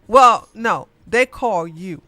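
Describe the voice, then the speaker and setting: A woman rants in a loose, rambling way, cursing freely and circling back to repeat her points. Her voice is bright and sharp, and it sounds dry and close. Faint music plays in the background. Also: medium pitch, slow, dry recording. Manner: animated, profane, repeats herself. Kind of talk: rambling casual rant.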